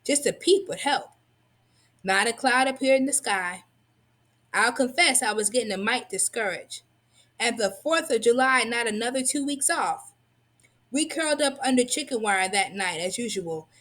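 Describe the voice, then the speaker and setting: A woman reading a children's tall tale aloud. Her storytelling is expressive and lively. Her voice sits a little high. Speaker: reader.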